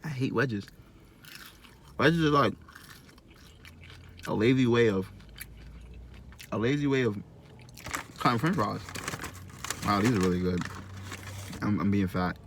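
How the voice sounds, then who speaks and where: A young man with a fairly low voice tells a food story in a casual vlog, joking and acting out both sides of an argument. He records at a fast food restaurant with a close camera mic, and a faint background hum sits behind him. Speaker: vlogger.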